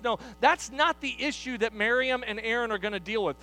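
A man preaching a sermon in an emphatic style, often repeating himself and dropping to a hush to stress a point. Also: very high-pitched, a little fast, hardly any pauses. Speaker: pastor.

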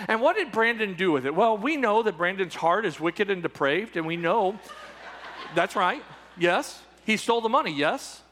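Man preacher, high bright voice, emphatic and repetitive, heard in a long echoey hall. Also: lively intonation, moderate pace. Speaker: pastor. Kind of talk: sermon.

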